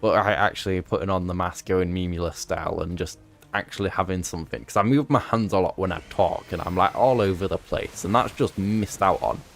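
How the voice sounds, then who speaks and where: A young man with a deep, low voice chats loosely to his stream audience, wandering between asides and jokes at his own expense. His voice is prone to cracking, and faint music plays underneath. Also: creaky. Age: young adult. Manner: rambling, self-mocking, quick asides to chat. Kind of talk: casual gaming stream chat.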